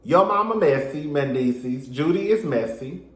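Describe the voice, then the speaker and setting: A man's voice: fairly high pitch, moderate pace. Sassy chatty man, echoey room. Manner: sassy, animated, chatty with asides to viewers. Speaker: reality TV reviewer. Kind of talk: casual recap commentary.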